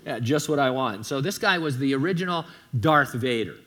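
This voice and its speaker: A man's voice: mid-range voice, expressive, moderate pace, fairly bright tone. A man preaching a sermon as pastor, conversational, with joking asides, sometimes stumbling and repeating words.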